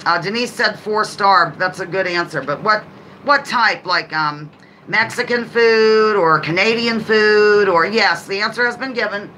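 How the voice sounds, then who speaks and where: A woman hosts a casual live trivia game with a bright, clear voice at an ordinary middle pitch. She chats loosely between questions and welcomes viewers by name. When she reads a question, she draws it out slowly. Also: a little hiss or hum, poor audio. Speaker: livestream host.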